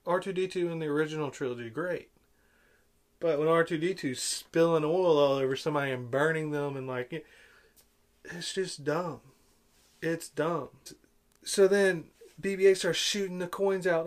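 A man giving a casual, opinionated film review, sarcastic and exasperated, with big swings in loudness. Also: a little high, normal speed, pauses often.

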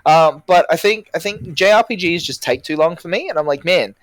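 A man from Australia with an Australian accent, talking about games in an animated, rambling casual chat with lots of fillers. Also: fairly high pitch, brisk, no room sound.

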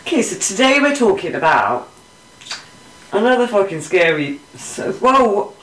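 A woman co-hosting a casual true crime podcast, swearing a lot and jumping into loud bursts of outrage. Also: medium pitch, sing-song, measured pace, recorded from a distance. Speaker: podcast co-host. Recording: echoey room, voice a bit off-mic.

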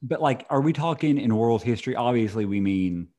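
A man's voice: mid-range voice, animated, brisk, warm tone. A young man co-hosting a casual true-crime podcast, joking dryly with wry asides. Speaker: podcast co-host.

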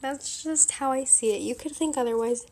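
Give me a high-voiced young woman chatting frankly on her podcast. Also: normal speed, mellow. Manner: chatty, frank and opinionated, lots of fillers and laughs. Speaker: podcast host. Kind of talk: casual solo podcast chat.

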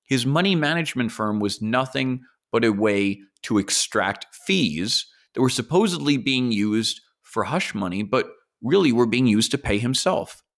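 A man's voice: medium pitch, lively intonation, normal speed, few pauses, a bit bright. A man hosting a solo podcast, telling a story casually and speculating, with the odd curse. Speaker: podcast host.

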